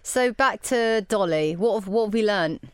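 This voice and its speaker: A woman co-hosting a podcast in casual chat, blunt and swearing, slipping into quick voices for people in her stories. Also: mid-range voice, animated, clean tone, no room sound, clean studio sound. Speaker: podcast co-host.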